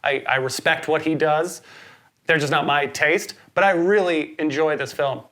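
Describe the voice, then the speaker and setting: A man co-hosting a casual movie review podcast, teasing his partner and laughing between quick opinions. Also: on the high side, fairly bright tone. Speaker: podcast co-host. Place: Boston.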